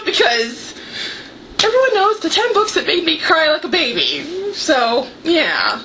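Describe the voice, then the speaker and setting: A woman book vlogger chatting casually to camera, giggly and tearful with excitable outbursts, recorded at home on a camera microphone. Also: extremely high pitch, unhurried, heavy background noise. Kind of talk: casual vlog chat.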